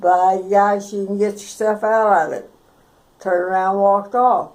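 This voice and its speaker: A woman's voice: medium pitch, steady tone, unhurried, a little mellow, low-quality recording. A woman, telling a childhood story for an oral history recording in a folksy, chuckling way. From Texas.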